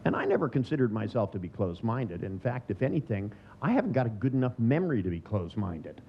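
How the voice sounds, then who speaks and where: Sardonic and funny, a man in his sixties runs a seminar, doing voices for everyone he quotes. His mid-range voice swings widely in pitch, moves fast and has vocal fry, all captured in a dull, slightly noisy lo-fi recording.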